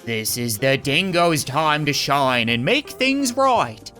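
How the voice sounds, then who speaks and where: A man putting on a mock nature-documentary narrator with a bad fake Australian accent, slow and theatrical. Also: a little high, very animated, pushed and bright, faint music behind, heavily acted. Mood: mock solemn. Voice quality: exaggerated slow theatrical delivery.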